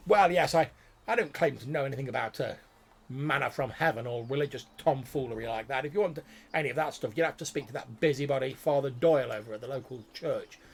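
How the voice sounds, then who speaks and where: Fussy imperious wizard, flustered and stammering, voiced by a man, raised and gravelly. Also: medium pitch, moderate pace. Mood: dismissive.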